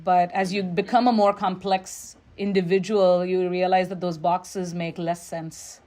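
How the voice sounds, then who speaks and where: A woman from Nigeria, a musician and educator, speaking as an interview guest, reflective, with stories and quick quoted asides. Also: lowish voice, level tone, a little mellow. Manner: reflective, storytelling, quoting others in quick asides. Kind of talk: interview conversation.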